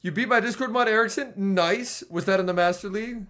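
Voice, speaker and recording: A man streaming a game and chatting with viewers, his voice hoarse and strained, reacting excitably to the play. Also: high voice, brisk. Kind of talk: casual gaming livestream chat.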